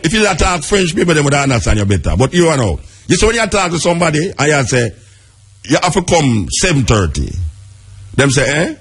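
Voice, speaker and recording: A man's voice: a little high, big pitch swings, a little fast, breathy edge. A Jamaican man hosting a radio talk show, speaking emphatically and repeating his key points. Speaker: radio host.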